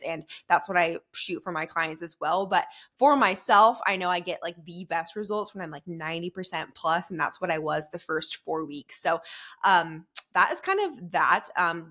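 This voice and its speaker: Bright-voiced chatty woman podcast host. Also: on the low side. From Phoenix, Arizona. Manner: chatty and upbeat, many fillers like "um" and "like". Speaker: podcast host and fitness coach. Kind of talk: casual solo podcast chat.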